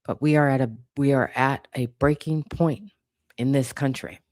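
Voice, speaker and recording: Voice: medium pitch, fairly even intonation, normal speed, a little mellow, no echo, clean studio sound. A channel host giving an impassioned commentary monologue, blunt and profane, hammering points home with repetition.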